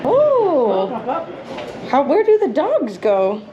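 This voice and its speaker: A woman's voice: high voice, wildly swooping pitch, very slow, lo-fi sound, crowd noise. A woman co-hosting a casual travel vlog, chatty and upbeat. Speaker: travel vlogger.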